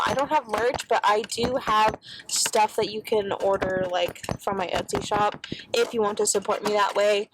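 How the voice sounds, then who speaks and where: A woman's voice: medium pitch, background noise. A young woman, chatting casually in a vlog from her car, rambling with lots of fillers and cursing freely. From Texas. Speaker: vlogger. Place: in and around her car, partly outdoors. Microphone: phone camera set down nearby.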